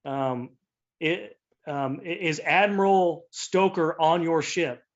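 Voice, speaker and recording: An angry male alien starship captain, as a game master acts him out, stern and demanding, his voice pitched up and pushed louder. The sound is a little dull and lo-fi. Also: takes it slowly. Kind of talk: improvised tabletop role-play voicing.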